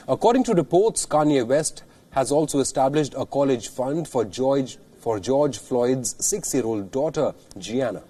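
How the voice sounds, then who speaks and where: A man reading a scripted news report in a steady, measured newsreader delivery. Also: medium pitch, breathy edge.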